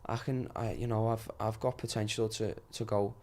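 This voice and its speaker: Chatty young Scouse man, lowish voice. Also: fairly even intonation, normal speed, darkish tone. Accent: Liverpool (Scouse). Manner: earnest, chatty, laughs often. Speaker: podcast guest. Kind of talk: casual conversation.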